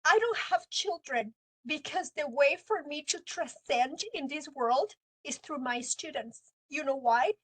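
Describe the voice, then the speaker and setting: A woman's voice: sits high, expressive, unhurried, low-quality recording. A woman teaching a university class, giving a heartfelt farewell talk to her students, close to tears. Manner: heartfelt, near tears, warm and encouraging.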